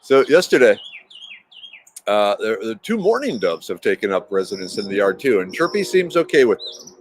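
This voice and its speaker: A man's voice: fairly low pitch, very animated, moderate pace, a little hiss or hum. A man hosting a livestream outdoors in his yard, chatting casually and rambling, with easy laughs. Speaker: livestream host reading chat. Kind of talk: casual chat and storytelling.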